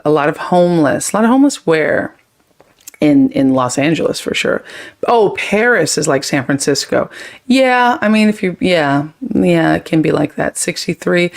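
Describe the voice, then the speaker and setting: Woman, young adult, livestream host on a phone. Lowish voice, chatty, gushing shout-outs. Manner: bubbly, gushing shout-outs with sudden high squeals. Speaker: livestream host reading viewer comments. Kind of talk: casual live chat.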